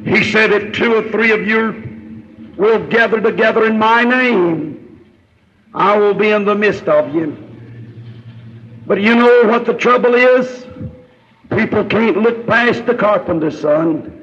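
A male preacher with a very high voice delivers a revival sermon in a slow, rhythmic, chanting cadence. The sound is dull and lo-fi, like an old sermon tape. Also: fairly bright tone, slight background noise.

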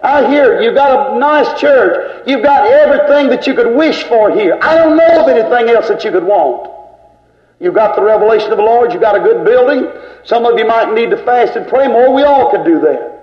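A man's voice: extremely high pitch, animated, normal speed. An older man preaching an emphatic, scolding sermon in a church. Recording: echoey lo-fi church tape.

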